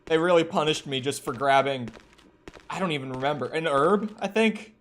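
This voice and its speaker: Chatty male streamer with a highish voice. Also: moderate pace, a little hiss or hum. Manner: chatty, reacts aloud and answers chat; loud startled outbursts. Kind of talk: casual let's-play commentary.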